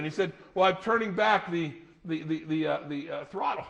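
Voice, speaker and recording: A middle-aged man speaks to an audience as a motivational speaker, his voice sitting a little high. He tells stories with animation and laughs along with them. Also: fairly even intonation, normal speed, gravelly, fairly bright tone. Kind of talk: live talk to an audience.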